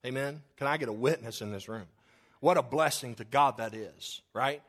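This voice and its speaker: A man pastor preaching a sermon in a church, shifting between loud exclamations and soft asides as he tells stories. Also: medium pitch, moderate pace. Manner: storytelling, swings from loud to soft.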